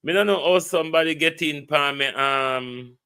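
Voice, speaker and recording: On a casual live stream picked up by a phone or computer mic, a Jamaican man greets his viewers by name and reads off a contact number in loose conversation. His voice sits a little high, at a normal speed, sharp and clean in tone.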